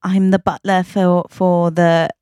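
A woman voicing a tall male butler with a put-on British accent who speaks slowly and haltingly, full of fillers. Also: lowish voice, level tone, mellow, clear, resonant tone, no echo, clean studio sound. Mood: stiffly polite. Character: slow hesitant male butler.

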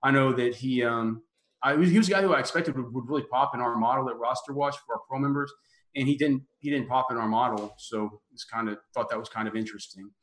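A man in an echoing room talks sports in a loose, halting way. He restarts his sentences often and leans on fillers. His pitch sits mid-range for a man. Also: fairly bright tone. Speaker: podcast host. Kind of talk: casual sports chat.

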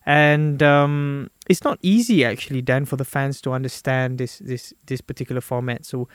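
Male podcast co-host, mid-pitched, agreeable, pauses often, dry sound. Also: clean tone, dry recording. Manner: hesitant, many ums, agreeable. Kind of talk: casual podcast chat.

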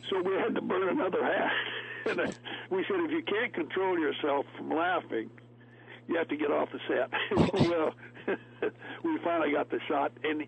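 A man's voice: fairly high pitch, normal speed, gravelly, a little hiss or hum. A man telling folksy stories as a guest, laughing often. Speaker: actor guest. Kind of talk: storytelling interview. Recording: tinny phone line, radio.

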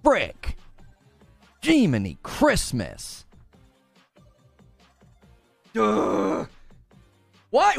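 A man's voice: high voice, very animated, normal speed, dry recording, faint music behind. A man streaming live, grumbling in exasperation and repeating himself as he rants about gaming news.

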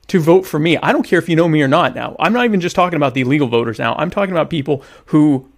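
Eating at home during a casual livestream, a man with a fairly high, expressive voice talks fast with few pauses. He jokes around and teases viewers, often poking fun at himself.

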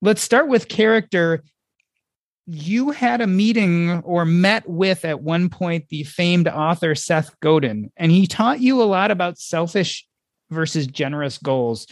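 A male host with a slightly high voice asks an author about his book. He speaks in a measured way and builds up context first. The sound is close and dry, with no room echo. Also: lively intonation. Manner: measured, lays out context before asking. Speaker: interview host. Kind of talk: interview questions.

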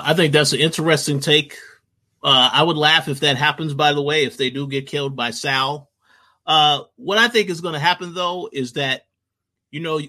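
Man, fairly high, bright tense voice, casual panelist, relaxed and thinking aloud. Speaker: podcast panelist. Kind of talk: casual discussion of a TV episode.

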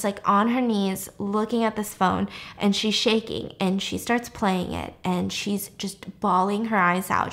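A woman's voice: medium pitch, fairly bright tone. A woman podcast host casually recapping a film's plot, chatty and full of fillers. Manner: chatty, fast, many fillers.

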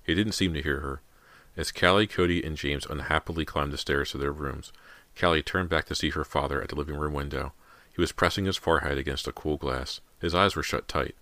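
A man's voice: a bass voice, brisk, no room sound. A man narrating a horror novel as an audiobook reader. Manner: steady storytelling read. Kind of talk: scripted narration.

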